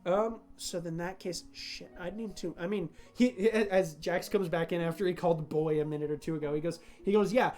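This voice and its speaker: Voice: mid-range voice, fairly even intonation, brisk, hardly any pauses, a little mellow, soft background music. Laughing, rambling game master. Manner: loose, rambling, laughs often. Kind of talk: narrating a tabletop game.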